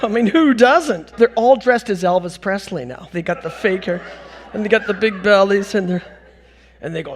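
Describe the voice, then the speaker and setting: A middle-aged man from North America speaking as a conference speaker on stage, telling animated, self-mocking anecdotes with bursts of laughter. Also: sits high, normal speed. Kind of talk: storytelling keynote talk.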